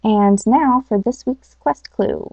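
A woman's voice: fairly high pitch, slow pace, creaky. A woman hosting a casual podcast, chatting with lots of fillers and reading a story. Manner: chatty, many fillers, laughs easily. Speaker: podcast host. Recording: dull lo-fi home recording.

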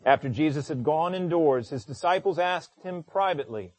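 A man preaching a sermon from scripture, praying in a hushed voice and acting out pleading lines with drama. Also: moderate pace, no echo. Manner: hushed, low-voiced in prayer. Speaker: pastor. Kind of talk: sermon with scripture reading and prayer.

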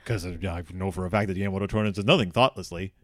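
A middle-aged man co-hosting a podcast in casual chat, animated and rambling with many restarts. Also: deep voice, fast talker, dry recording, studio quality. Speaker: podcast co-host.

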